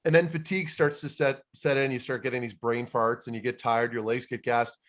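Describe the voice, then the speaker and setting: A man's voice: medium pitch, fairly even intonation, a little fast, fairly bright tone. A man co-hosting a podcast, chatty and joking, asking long rambling questions. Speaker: podcast co-host. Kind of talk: casual interview chat.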